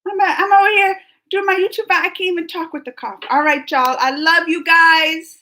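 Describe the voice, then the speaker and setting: A woman's voice: very high-pitched, steady tone, brisk, bright, forceful tone. A woman, chatting on a livestream, laughing and calling viewers by name while her throat keeps catching and she coughs. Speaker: livestream host. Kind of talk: casual chat reading viewer comments.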